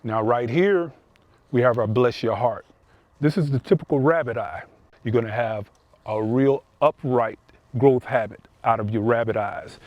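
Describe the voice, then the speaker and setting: A man's voice: mid-range voice, normal speed, dry recording, dull audio. A man hosting a gardening video, explaining things in a folksy, casual way while walking through his outdoor garden. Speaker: gardening channel host.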